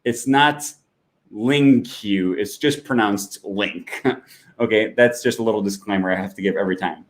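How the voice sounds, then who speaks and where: Male host for a language-learning channel. Easygoing explainer, middle pitch, chatty with fillers. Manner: relaxed, chatty, with filler words and self-corrections; walks through an app on screen while talking. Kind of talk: casual explanatory talk.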